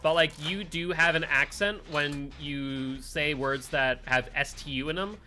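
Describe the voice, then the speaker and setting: A man streaming a game live, chatting casually with his friends and chat, full of "like" and quick asides. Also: a little high, sharp tone, slight background noise. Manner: chatty, filler-heavy, talks to chat and friends.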